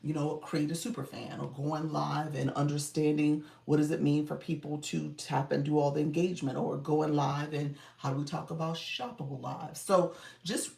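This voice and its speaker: A woman's voice: low voice, level tone, moderate pace, vocal fry, dark tone, distant mic. A woman streaming live as a coach, chatting casually, greeting viewers by name and laughing often. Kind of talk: casual livestream chat with viewers. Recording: echoey room, voice a bit off mic.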